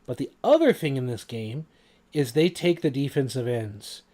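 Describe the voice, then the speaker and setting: A man's voice: mid-range voice, expressive, normal speed, warm tone, dry recording. A man giving casual, rambling commentary over a video game, full of fillers and asides. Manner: rambling, filler-heavy, conversational.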